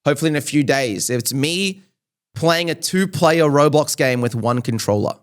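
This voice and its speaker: A man's voice: a little high, expressive, normal speed. A man who is a YouTuber, talking as a podcast guest in a casual, thoughtful, rambling way with lots of fillers.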